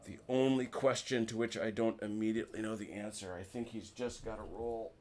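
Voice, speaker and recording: A man's voice: on the low side, fairly even intonation, brisk, a little mellow. A man hosting a board wargame session in casual chat, thinking aloud and correcting himself as he goes. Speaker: game host running the board game session.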